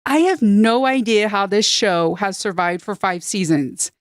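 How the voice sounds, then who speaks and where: A woman's voice: mid-range voice, expressive, unhurried, no echo, studio quality. Matter-of-fact woman podcast guest. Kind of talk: news roundup.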